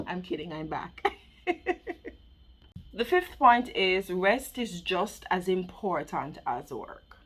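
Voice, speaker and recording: A woman's voice: lowish voice, big pitch swings, takes it slowly, pauses often, a bit bright, husky. A woman hosting her own channel, speaking straight to the camera in an earnest, preachy motivational talk about faith, and laughing often. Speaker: channel host.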